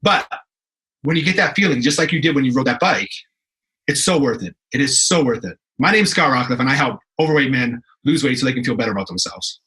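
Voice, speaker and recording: A young man from Canada talks as a fitness professional in a relaxed interview. His voice is bright and forceful, at a middling pitch for a man. He tells stories with energy, doubling back on his words and scattering fillers as he goes. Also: quick pace, low-quality recording. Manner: animated storyteller, frequent restarts and fillers. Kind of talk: casual interview chat.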